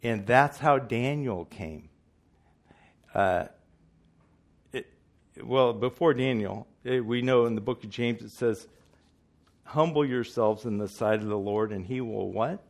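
A man's voice: medium pitch, unhurried, creaky, long pauses. A man preaching a sermon in earnest, emphatic style, asking his listeners questions.

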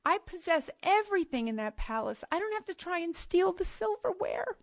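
A middle-aged woman preaching to a women's gathering, emphatic and animated, moving from soft asides to loud outbursts. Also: very high voice, normal speed, few pauses, no room sound. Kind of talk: sermon.

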